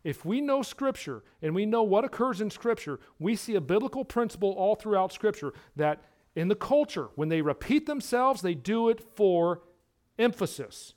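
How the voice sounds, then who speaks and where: A high-pitched male pastor preaches a sermon. He drives his points home by repeating words, and he swings between hushed lines and loud ones.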